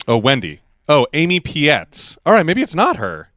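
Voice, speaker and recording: A man's voice: a little high, huge pitch swings, moderate pace, a bit bright, no room sound, studio quality. A man co-hosting a podcast, chatting casually and rambling as he recaps a TV episode, laughing often. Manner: rambling, laughs often, acts out quoted lines. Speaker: podcast co-host.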